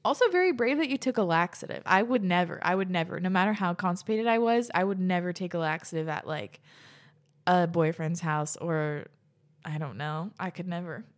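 A woman's voice: on the low side, moderate pace. A young woman host reading listeners' stories aloud and reacting between them, chatty and laughing often, swearing casually.

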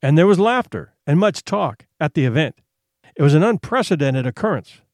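A man narrating a story aloud in an expressive storytelling manner. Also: fairly high pitch, moderate pace, no echo, clean studio sound. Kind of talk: audiobook narration.

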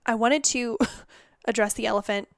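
A woman's voice: fairly high pitch, steady tone, normal speed, creaky, clear, resonant tone, no room sound, clean studio sound. A young woman hosting her own podcast, congested from a cold, chatting casually and rambling with self-mocking asides into a microphone. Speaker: podcast host and holistic nutritionist. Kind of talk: casual solo podcast chat.

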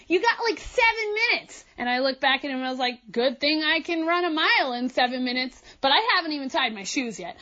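A woman telling a funny personal running anecdote in a lively, animated way, recorded herself for a podcast. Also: high voice. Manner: lively, animated storytelling with laughs. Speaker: podcast listener submitting a story. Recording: lo-fi self-recorded clip.

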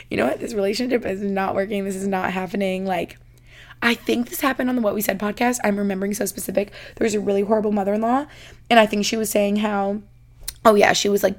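This young woman's podcast is casual chatter built around listener confessions, which she reads with laughter while dropping "like" all the time. Her medium-pitched voice has a creaky quality.

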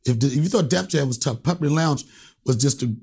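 A stand-up comedian from Alexandria, Virginia, telling profane stories as a guest and acting out the voices in them. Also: male voice, medium pitch, quick pace, creaky, mellow, breathy edge. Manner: profane, acts out voices in anecdotes. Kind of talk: animated storytelling.

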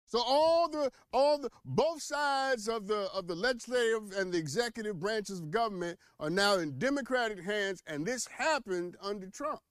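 A man hosting a podcast, giving playful, teasing commentary on headlines with dramatic swings in loudness. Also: high voice, lively intonation, normal speed, hardly any pauses, smooth, dry recording. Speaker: podcast host. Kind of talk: casual political commentary.

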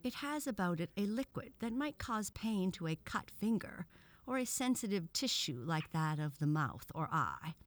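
A woman's voice: medium pitch, sing-song, moderate pace, dry recording, voice pushed up, natural voice. A woman voicing a pompous male frog professor who lectures in a formal, stern way. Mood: scolding.

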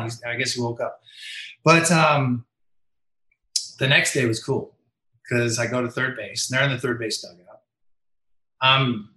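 A man's voice: medium pitch, reverberant, poor audio. A man, a veteran umpire, telling stories in an interview and acting out other people's lines in a raised voice. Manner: animated, acts out quotes with raised voice. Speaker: MLB umpire guest. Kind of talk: storytelling in interview.

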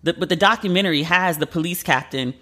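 Guy doing a casual podcast monologue, kinda high voice, very chatty and emotional, says like a lot. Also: fast, bright, forceful tone. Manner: chatty and emotional, heavy use of "like". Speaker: journalist and podcast host.

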